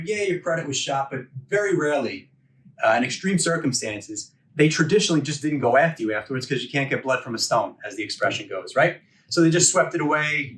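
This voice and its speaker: In this clip, a man in his forties leads a continuing education class in a chatty lecture style, tossing out rhetorical questions and asking "okay?" and "right?". His mid-range voice is a little bright, and there's slight background noise. The mic picks him up from a bit of a distance.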